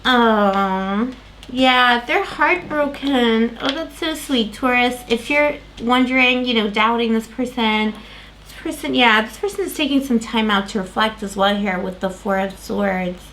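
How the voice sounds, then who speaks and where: A woman's voice: on the high side, measured pace, a bit bright, a little hiss or hum. A woman giving a tarot reading to camera, rambling with many fillers and restarts while losing her voice. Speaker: tarot reader.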